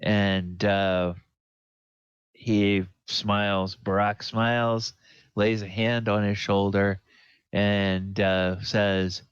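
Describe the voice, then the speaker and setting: A man narrating a tabletop game as dungeon master, halting with many fillers. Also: fairly low pitch, level tone, clean tone, dry recording. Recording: dull dry lo-fi recording.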